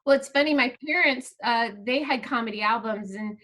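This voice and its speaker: A woman, a guest comedian, telling quick stories in a casual video-call chat. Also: fairly high pitch, fairly bright tone.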